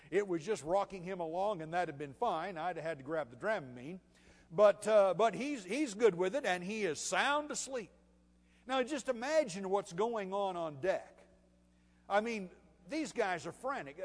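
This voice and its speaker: High-voiced preacher in a reverberant hall. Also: male voice. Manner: conversational, animated, acts out voices with swings in loudness. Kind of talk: sermon with scripture reading.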